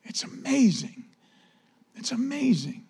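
A man's voice: extremely high pitch, sing-song, takes it slowly, darkish tone, slightly rough, long reverb tail. A male pastor preaching a sermon, impassioned, with repetition and rising exclamations.

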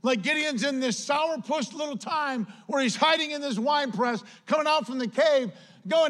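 A male pastor preaching a sermon with lively delivery, acting out quoted voices. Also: very high voice, normal speed.

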